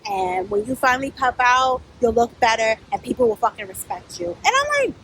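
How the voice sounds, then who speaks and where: A woman's voice: a little high, a little fast, a little hiss or hum, low-quality recording. Blunt, profane woman telling a personal story. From New York. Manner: blunt, profane, animated, acts out quoted voices. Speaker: spiritual life coach.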